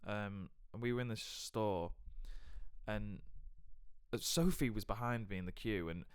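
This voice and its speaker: Speaking a little slowly in a lowish, clear, resonant voice, a young man co-hosting a podcast wanders through casual travel anecdotes, often starting over mid-thought. The recording is dry and clean, studio quality.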